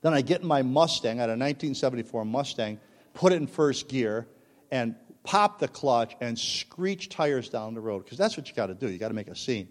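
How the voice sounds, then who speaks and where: Storytelling pastor in a reverberant hall. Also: male voice, medium pitch, fairly quick. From Italian-American family. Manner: storytelling, animated, acts out voices. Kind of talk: sermon. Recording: long reverb of a large hall.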